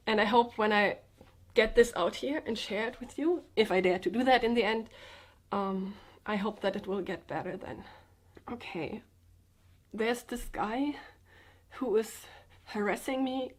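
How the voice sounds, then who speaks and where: A sick woman vlogger talking in a subdued, slightly sedated way, halting and restarting as she speaks from the floor at home. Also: mid-range voice. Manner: halting, hesitant, with many restarts. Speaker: comedian and vlogger. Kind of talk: personal confessional vlog. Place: indoors, sitting on the floor with pillows.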